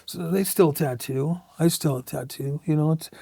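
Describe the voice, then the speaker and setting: Brief: middle-aged male tattoo artist, high gravelly voice, swearing storyteller, close dry sound. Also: unhurried, dark tone, no room sound. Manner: profane, blunt storytelling with acted-out quotes. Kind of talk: casual storytelling interview.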